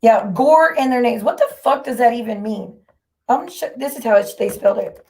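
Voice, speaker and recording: A woman's voice: on the high side, moderate pace, darkish tone. A woman hosting a livestream, ranting in a heated, profane and confrontational way at people in her chat. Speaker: livestream host. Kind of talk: angry livestream rant.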